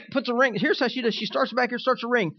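A man preaching as a pastor, swinging between loud, emphatic lines and quiet, conversational asides. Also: very high voice, fairly even intonation, moderate pace, highs cut off, noisy background. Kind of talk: sermon.

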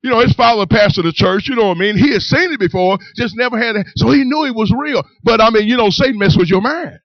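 High-voiced man giving church testimony. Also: quick pace, dry recording, lo-fi sound. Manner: animated storytelling with repeated "you understand". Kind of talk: personal testimony told to a congregation.

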